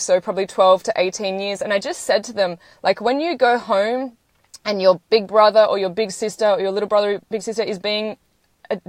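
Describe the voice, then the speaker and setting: Earnest and close to tears, a woman in her thirties swears freely as she talks through an emotional monologue on a live stream. Her voice is medium-pitched, with no room sound.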